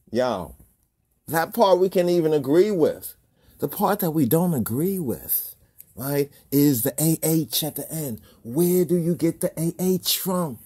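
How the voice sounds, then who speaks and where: A man's voice: fairly high pitch, dark tone, husky. A man hosting a religious video, talking in a casual monologue full of repeated rhetorical questions and chuckles.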